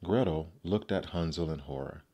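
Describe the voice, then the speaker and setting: A man narrating classic fairy tales aloud in a measured, gentle storybook manner. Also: very deep voice.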